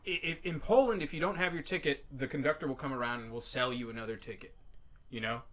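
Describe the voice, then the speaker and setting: A man with a bright, forceful voice and an average pitch tells rambling, profane stories as a podcast guest. He talks in a loose, animated way and keeps restarting his sentences. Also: quick pace. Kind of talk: casual storytelling.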